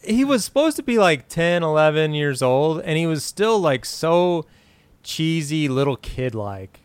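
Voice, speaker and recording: A man in his forties, chatting casually and rambling through old TV trivia. His voice is smooth and resonant, recorded dry and close with no room sound. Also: on the high side, very animated, unhurried, dry recording. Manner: rambling, recounts trivia with frequent fillers and restarts. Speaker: podcast co-host. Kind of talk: casual chat about an old TV show.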